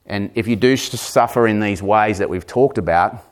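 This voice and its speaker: A man in his forties preaching a sermon, emphatic, repeating words and moving between raised and hushed delivery. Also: on the low side, normal speed. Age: 40s.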